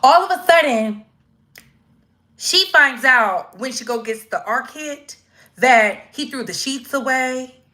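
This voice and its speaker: With a high-pitched voice, this woman takes her time delivering casual live-stream commentary, full of slang and energy, acting out each quoted voice.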